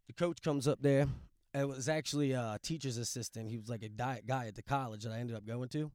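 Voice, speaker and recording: A man's voice: mid-range voice, brisk, no room sound, clean studio sound. Profane man telling stories. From Louisiana. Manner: profane, blunt, animated storyteller. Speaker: podcast guest. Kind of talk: casual storytelling chat.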